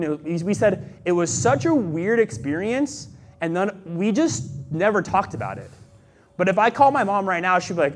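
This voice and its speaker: A young man casually telling a personal testimony, animated and full of fillers, acting out the voices he quotes. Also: high-pitched, brisk. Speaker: storyteller sharing a personal testimony.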